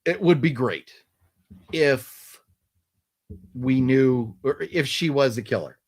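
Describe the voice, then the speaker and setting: A man's voice: mid-range voice, takes it slowly, husky. A man hosting a casual late-night live stream, thinking aloud in a rambling way with many restarts.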